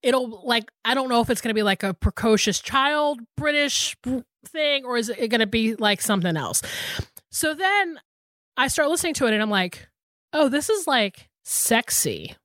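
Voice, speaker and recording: A woman's voice: fairly high pitch, animated, normal speed, a bit bright, no room sound, studio quality. A woman in her thirties co-hosting a podcast, telling a story in casual chat with lots of "like" and some swearing. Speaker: podcast co-host.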